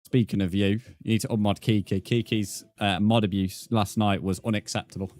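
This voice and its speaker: A young man talks to his live chat in a lowish voice, chatty and easily amused. The sound is close and dry, with no room echo. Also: fairly even intonation, a little fast, darkish tone. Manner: chatty, reads and answers chat messages, laughs often. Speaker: streamer. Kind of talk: casual live-stream chat.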